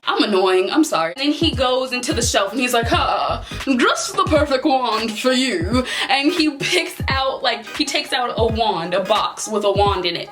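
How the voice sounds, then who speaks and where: A woman vlogger telling a story in an animated, slangy and playful way. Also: fairly high pitch, normal speed, few pauses, over music. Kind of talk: storytime vlog.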